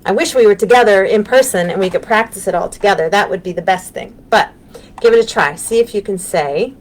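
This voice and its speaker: A woman with an American accent, a children's librarian leading a live storytime lesson, gentle and encouraging, with frequent ums. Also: medium pitch, brisk, slight background noise. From United States. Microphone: webcam on a live stream.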